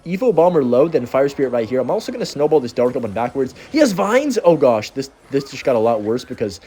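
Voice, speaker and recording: A young man rattles off live gameplay commentary at a quick clip, excitable and quick to yelp at close calls. His voice sits on the dark, mellow side. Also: medium pitch, breathy edge. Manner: excitable, talks fast and reacts loudly to the play. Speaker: gaming video creator.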